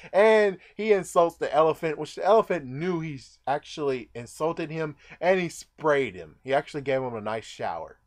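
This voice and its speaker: A man rambles through a casual recap of a movie, his voice sitting a little high for a man. He jumps into the characters' lines now and then, acting them out with a lot of energy. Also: animated, normal speed, few pauses. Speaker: movie reviewer.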